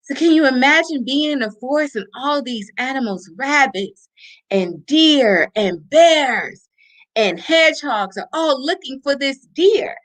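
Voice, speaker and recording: A middle-aged woman reading a picture book aloud to children, slow and expressive, pointing out the pictures. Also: sits high. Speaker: storyteller.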